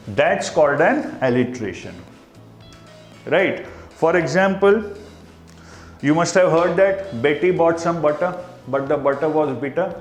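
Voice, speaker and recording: Indian guy teaching a class, a bit high voice, roomy echo, faint music behind. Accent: Indian English. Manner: explains slowly with repetition, mixing in Hindi asides. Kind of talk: classroom lecture.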